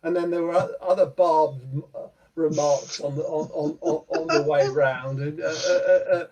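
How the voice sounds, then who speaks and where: Halting man with a slightly high voice. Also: steady tone, darkish tone, recorded from a distance, highs cut off. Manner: halting, repeats words and stacks fillers. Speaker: folk club performer. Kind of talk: casual chat after singing a song. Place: at home on a video call. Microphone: computer mic on a video call.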